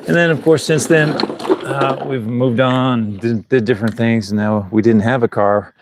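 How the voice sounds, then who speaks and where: A man's voice: mid-range voice, steady tone, measured pace, background noise. A middle-aged man vlogging live outdoors on a rural building site, chatting in a rambling way and chuckling between thoughts. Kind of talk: casual live-stream chat. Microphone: clip-on mic.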